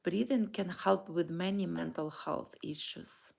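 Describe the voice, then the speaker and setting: Woman talking slow and heartfelt to camera, lots of vocal fry. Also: lowish voice, darkish tone. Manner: slow, halting, heartfelt, with pauses and restarts. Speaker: vlogger and life coach. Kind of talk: personal morning reflection vlog.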